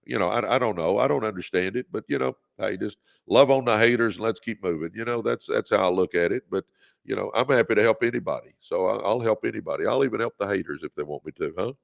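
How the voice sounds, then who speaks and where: Man host, gravel in the voice, preachy motivational livestream delivery. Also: on the low side, quick pace. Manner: preachy, exhorting, leads call-and-response; reads out viewer comments. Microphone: phone or webcam on a livestream.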